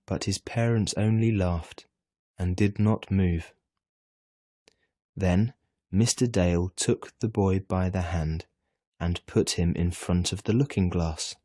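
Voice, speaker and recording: Slow, deep-voiced male story reader. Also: fairly even intonation, warm tone, no echo, studio quality. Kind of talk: reading a children's story aloud.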